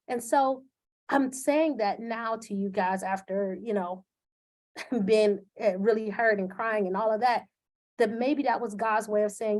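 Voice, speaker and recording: Hosting live through a computer webcam, a woman speaks in a mid-range voice at a moderate pace. Her delivery is candid, earnest, and emotional, peppered with fillers.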